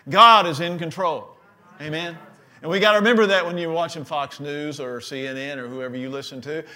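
A man preaching a sermon as pastor, leading the congregation in call-and-response and swinging between loud declarations and quiet, hushed passages. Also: on the high side, steady tone, quick pace.

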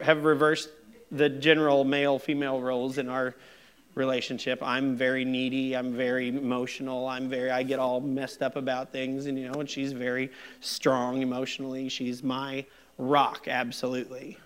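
A man's voice: mid-range voice, completely flat delivery, normal speed, a bit bright, clear, resonant tone. A middle-aged man pastor giving a sermon in a candid, self-deprecating, conversational way.

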